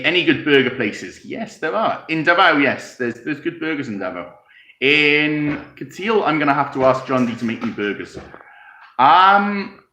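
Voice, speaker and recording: Welsh man, rambling live-stream host, bright voice, chuckles between comments. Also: mid-range voice. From Wales. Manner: rambling, chuckling, pauses to sip tea. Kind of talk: casual live chat reading comments. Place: his home. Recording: echoey room.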